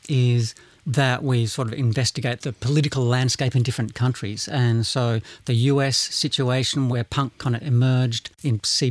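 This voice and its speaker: A man co-hosting a podcast, telling a story in a chatty, relaxed way with occasional laughs. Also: mid-range voice, no echo. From Ireland. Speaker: podcast co-host. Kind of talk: casual chat.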